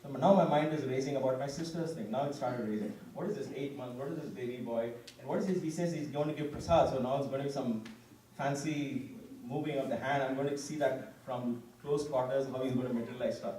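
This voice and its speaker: A man's voice: mid-range voice, brisk. Man telling a story in an echoing hall. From India. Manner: animated storytelling, quoting himself, frequent restarts. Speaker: speaker at a devotional gathering. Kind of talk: personal testimony speech. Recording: echoey hall from far off, faint room noise.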